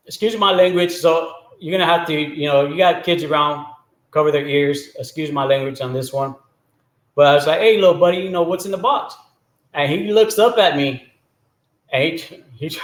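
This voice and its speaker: Male storyteller, higher-pitched voice, chatty and loose, clears his throat often, echoey room. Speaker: storyteller host. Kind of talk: casual joke storytelling.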